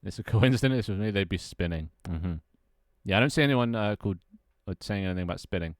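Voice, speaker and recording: A young man talks on a live stream in a low voice, rambling and laughing with his viewers and friends. The sound is dry and close on a desk mic, with no room around it. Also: animated, quick pace, no echo. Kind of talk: casual live-stream chat.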